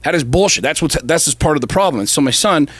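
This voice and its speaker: A man's voice: fairly high pitch, animated, fast, fairly bright tone, breathy edge, no room sound. A middle-aged man, co-host of a talk show, telling a personal story with intense, profane emphasis that builds to fervor. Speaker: podcast co-host. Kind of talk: casual chat.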